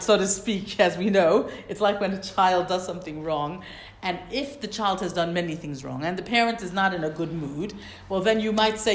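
A woman teaching a Torah lesson, quoting Hebrew verses and then translating them in an animated, questioning way. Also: medium pitch, roomy sound.

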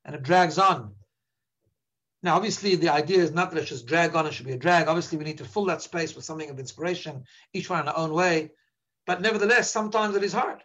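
A man's voice: fairly high pitch, fast talker, fairly bright tone, muffled recording. A man giving an earnest sermon as a rabbi, repeating words as he searches for his phrasing. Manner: drops into Yiddish when quoting.

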